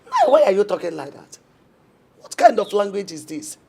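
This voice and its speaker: A woman's voice: medium pitch, wildly swooping pitch, moderate pace, vocal fry, mellow, slightly rough, exaggerated voice. An actress with a Nigerian accent playing a middle-aged wife who reproaches her husband. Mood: reproachful. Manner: reproachful, pleading.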